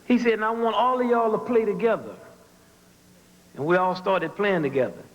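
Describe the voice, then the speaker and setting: A man with a fairly high voice gives a commencement speech as a story, acting out the sounds of drums, tuba and horns with his mouth. He is from New Orleans. The recording is muffled and lo-fi. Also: moderate pace, slight background noise. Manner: vocalizes drum and horn sounds, animated storytelling. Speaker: commencement speaker.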